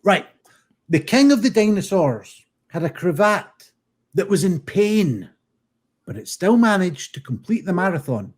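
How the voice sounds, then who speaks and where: A man with a high, husky voice telling puns over a video call. He runs himself down and warns the others beforehand that his jokes are bad. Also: sing-song, measured pace. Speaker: pun contestant.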